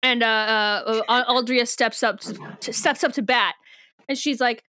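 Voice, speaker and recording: A woman's voice: a little high, fairly even intonation, pushed and bright, clean tone, no echo. A young woman co-hosting a casual book podcast, laughing often and briefly acting out characters' lines. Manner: giggly, acts out characters in quick voices. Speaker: podcast co-host.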